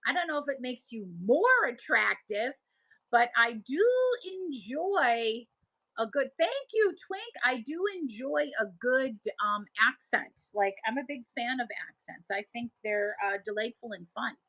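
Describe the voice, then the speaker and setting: A woman's voice: fairly high pitch, expressive, a little slow, bright, forceful tone, rough recording. A woman in her thirties hosting a live selling stream, chatting casually and laughing as she answers viewers' comments.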